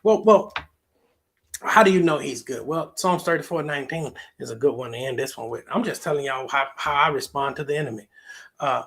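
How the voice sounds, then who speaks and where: Preaching from the pulpit, this man quotes scripture in a drawn-out sing-song and engages the congregation in call-and-response. His medium-pitched voice is creaky and a bit bright, with a breathy edge.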